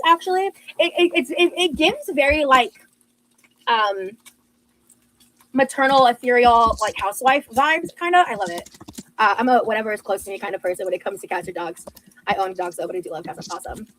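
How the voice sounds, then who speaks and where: A woman's voice: a little high, fairly quick, a bit bright, low-quality recording. A young adult woman chatting casually on a livestream, gushing over viewers' comments with lots of fillers. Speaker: livestreamer reading chat. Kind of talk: casual livestream chat while cooking.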